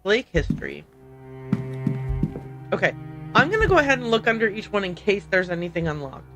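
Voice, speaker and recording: A woman's voice: mid-range voice, sing-song, fairly quick, music in the background. A woman streaming a mystery game, chatting casually, laughing often and reacting aloud as she reads on-screen text. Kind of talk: casual let's-play commentary.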